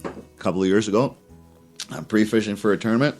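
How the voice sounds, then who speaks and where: A man's voice: on the low side, fast talker, darkish tone, faint music behind. A man hosting a fishing podcast, rambling and heated, with many fillers and restarts. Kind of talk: casual opinion rant.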